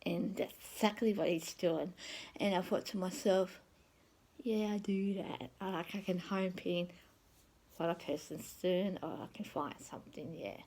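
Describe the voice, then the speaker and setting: A woman speaks in a fairly low voice with a gravelly, creaky edge. She tells a personal story in a loose, meandering way and often trails off mid-thought. It sounds like an unscripted monologue by a psychic. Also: fairly even intonation, moderate pace, darkish tone, rough recording. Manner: rambling and conversational, often trailing off with "kind of thing".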